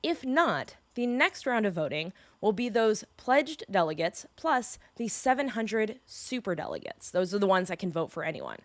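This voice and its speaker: A woman's voice: medium pitch, normal speed, few pauses, no echo. A young woman from California hosting a daily news podcast, explaining the news in a chatty, joking way. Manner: chatty and joking, lively asides.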